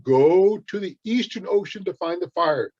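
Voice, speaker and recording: A man's voice: high voice, lively intonation, moderate pace, darkish tone. A man voicing a group of village people who coax and call out to a trickster, in a dull lo-fi recording. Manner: coaxing, calling out. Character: worried village people plotting together.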